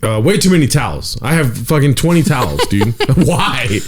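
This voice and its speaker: A man's voice: medium pitch, very animated, normal speed. A young man hosting a podcast, telling a rambling story in loose casual chat, full of swearing and "dude". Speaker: podcast host.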